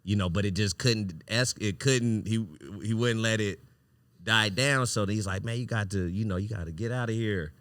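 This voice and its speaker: A man hosting a podcast, telling a wild personal story in a casual, animated, profane way, often breaking into laughter. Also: lowish voice, normal speed, no room sound, clean studio sound. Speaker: podcast host.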